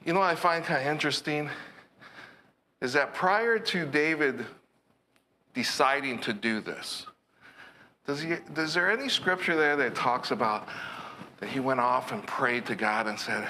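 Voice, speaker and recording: A man's voice: mid-range voice, lively intonation, normal speed, long pauses, sharp tone, slight background noise. A man preaching a sermon, retelling a scripture story in an earnest way with conversational asides.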